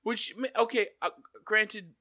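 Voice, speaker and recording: A man's voice: high-pitched, steady tone, unhurried, pushed and bright. A man co-hosting a podcast, riffing in a casual chat with swearing and mock outrage. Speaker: podcast co-host.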